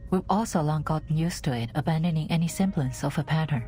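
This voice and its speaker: A woman voicing a cool, formal administrator in a game, speaking in a calm, businesslike way. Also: low voice, fast talker, faint music behind, lightly acted. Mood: serious. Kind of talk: game voice acting.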